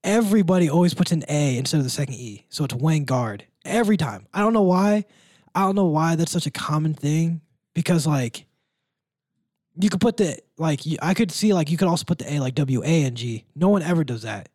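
A man's voice: fairly high pitch, expressive, a little fast, darkish tone, no room sound. Chatty young man, dry sound. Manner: chatty, rambling, ranting with a laugh. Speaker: student sports broadcaster. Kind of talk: casual sports chat.

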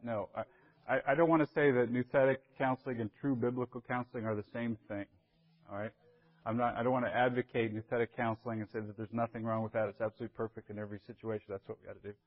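A man leads a Bible class as an elder, talking in a relaxed, conversational way and often pausing to check that his listeners follow. His voice sits at an ordinary middle pitch. The recording sounds somewhat dull and lo-fi. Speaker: church elder teaching a class.

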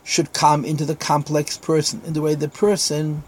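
Husky man teaching Hasidic text. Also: on the high side, completely flat delivery, darkish tone. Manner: reads Hebrew phrases slowly, then explains in English. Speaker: Torah teacher. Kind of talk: Chassidic text class.

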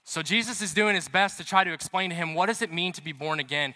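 A man's voice: high-pitched, quick pace, hardly any pauses, pushed and bright. A man preaching a sermon as pastor, chatty and storytelling, with emphatic repetition. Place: church. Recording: reverberant hall.

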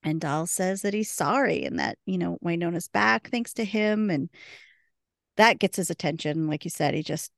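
A woman's voice: on the low side, animated, moderate pace, vocal fry, dry recording, studio quality. A woman co-hosting a podcast, retelling scenes in casual chat and laughing often. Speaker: podcast co-host.

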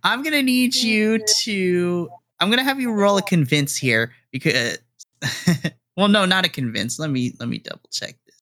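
A man's voice: high-pitched, lively intonation, moderate pace, bright, forceful tone. A man running a tabletop game as game master, laughing often and rambling. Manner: giggly, rambling.

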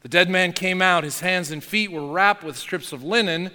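A male pastor preaching a sermon. He speaks with emphasis, slows down on key words and drops in casual asides. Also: high-pitched, pushed and bright, big-room sound.

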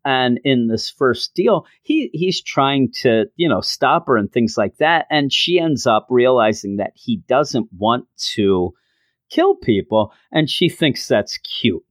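A man's voice: mid-range voice, lively intonation, slow, no room sound, clean studio sound. A middle-aged man casually reviewing a comic book, enthusiastic and rambling with frequent restarts.

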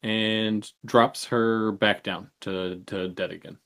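A man with a low-pitched voice runs a tabletop game, talking at an unhurried, deliberate pace. He lays out each turn and ruling calmly, with filler words between steps. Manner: measured, explains rules with fillers. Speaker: game master.

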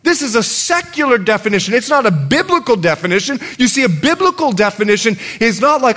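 A middle-aged man from the United States, a pastor preaching a sermon in a lively, humorous way. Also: high-pitched, fairly quick, hardly any pauses.

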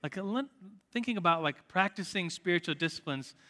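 A man with a bright, fairly high voice leads a church class in relaxed, rambling talk, often restarting his sentences. His voice rings out with a long hall reverb. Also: a little fast. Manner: chatty, with frequent "like" fillers and restarts. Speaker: Sunday school teacher. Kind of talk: informal church class teaching, closing in prayer.

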